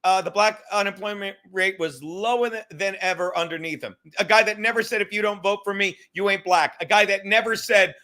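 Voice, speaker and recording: A man's voice: sits high, pushed and bright. A man hosting a podcast, ranting and joking in casual chat, with crude, profane humor. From New York. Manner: profane, joking, quick rants. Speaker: podcast host.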